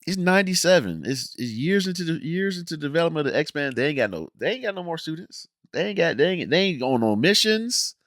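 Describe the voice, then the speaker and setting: A man reviewing a show in an animated, exasperated rant, blunt and full of slang. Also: on the high side, moderate pace, no echo, clean studio sound. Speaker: video reviewer.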